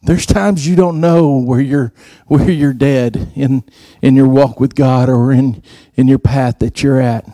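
A man's voice: fairly even intonation, a little slow, few pauses, dark tone, no room sound, clean studio sound. A man giving a sermon, telling stories and acting out the dialogue. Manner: storytelling, acts out quoted dialogue in a higher voice. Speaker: preacher.

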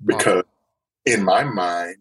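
A man telling a personal story in an interview, earnest and halting, often restarting his sentences. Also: low-pitched, fairly bright tone, husky, poor audio. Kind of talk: candid personal testimony.

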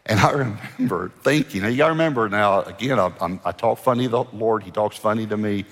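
Husky-voiced pastor preaching in a reverberant hall. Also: male voice, fairly low pitch, fast. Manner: animated storyteller acting out dialogue. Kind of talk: sermon storytelling. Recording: long hall reverb from a church.

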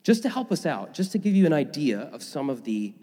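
Energetic male pastor in a reverberant hall. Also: fairly high pitch, a little fast. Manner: energetic, enthusiastic with filler words. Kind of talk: sermon. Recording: long reverb of a large room.

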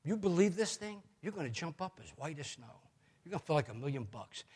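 An older male pastor preaching a sermon, telling anecdotes with animated asides in a husky voice. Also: a little high, in a large hall.

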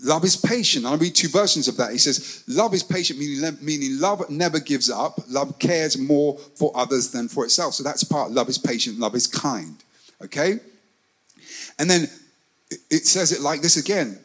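A man preaching a sermon, swinging between loud calls and hushed asides and leading the congregation to repeat his phrases. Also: fairly high pitch, expressive, moderate pace, husky, poor audio. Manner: repeats phrases and leads call-and-response with the congregation. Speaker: pastor.

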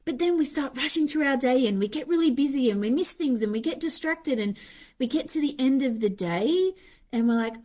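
A woman's voice: sits high, animated, normal speed, a little mellow. A woman hosting a podcast in a candid, casual monologue, swearing freely and acting out her own inner voices. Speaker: podcast host.

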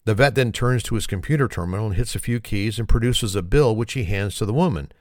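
This man talks fast in a lowish, slightly mellow voice, trading corny one-liners and a drawn-out shaggy-dog joke. He laughs at his punchlines and says sorry for them in a self-deprecating way. Studio-quality audio, no echo.

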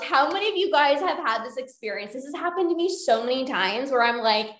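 A woman's voice: sits high, animated, fairly quick, hardly any pauses, fairly bright tone. A woman coaching casually on a podcast, chatty and often checking in with "right?" and "like". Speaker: binge eating coach and podcast host. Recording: roomy echo.

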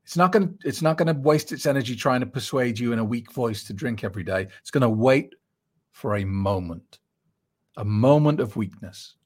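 A man's voice: medium pitch, animated, normal speed, a little mellow. A middle-aged man coaching on quitting drinking, giving earnest, emphatic advice in reply to a listener's email. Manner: earnest, emphatic, conversational with repetitions.

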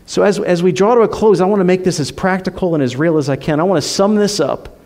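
A man with a high voice delivers a sermon in a church. He preaches emphatically, pushing up and louder on rhetorical questions, then sinking to near-whispers for effect. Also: quick pace. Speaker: pastor.

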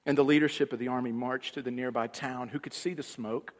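A man preaching a sermon as the pastor, telling stories and moving between loud, emphatic passages and hushed, low ones. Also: fairly even intonation, a little fast, in a large hall.

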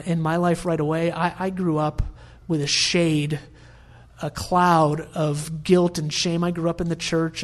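A middle-aged man preaching a sermon in a conversational, storytelling way. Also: a little high. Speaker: pastor.

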